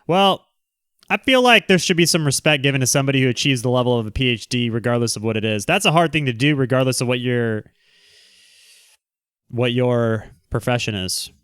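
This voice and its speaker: A man chats casually on a livestream, reading messages aloud and answering with teasing, joking banter. His mid-pitched voice is smooth and clear, and the sound is close and dry with no room around it. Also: a little fast, a bit bright, no room sound. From Southern California. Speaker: livestream host reading chat.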